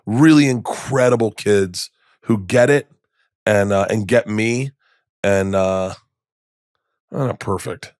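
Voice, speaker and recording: Animated storytelling man, dry studio sound. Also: lowish voice, slow pace, pauses often, dry recording. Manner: animated, acts out voices in his anecdotes, swears casually. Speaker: guest, comedian. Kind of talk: storytelling in casual conversation. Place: podcast studio.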